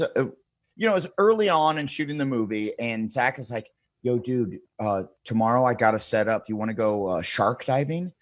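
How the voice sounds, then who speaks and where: A man's voice: a little high, no room sound. Guy on a podcast telling a crazy story, laughing a lot, swearing, doing everyone's lines, dry room. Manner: animated storyteller, acts out quotes, swears freely, laughs often. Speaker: podcast guest. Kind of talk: casual storytelling chat.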